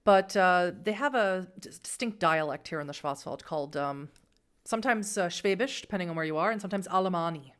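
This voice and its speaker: A woman's voice: lowish voice, brisk, few pauses, smooth. A woman narrating as game master of a tabletop game, chatty, with many fillers.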